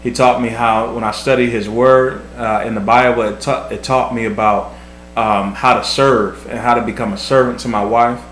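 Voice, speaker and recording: A man's voice: medium pitch, steady tone, moderate pace, a bit bright. A man in his thirties, earnest and reflective, giving marriage advice in casual talk, often repeating words as he thinks. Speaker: vlog host, husband. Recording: echoey room, faint hum.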